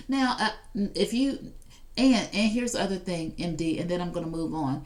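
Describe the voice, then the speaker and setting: A woman with a fairly low, slightly mellow voice speaks in an animated way at normal speed. She hosts a casual live shopping stream, chatting with viewers, addressing them directly, and reading their comments aloud.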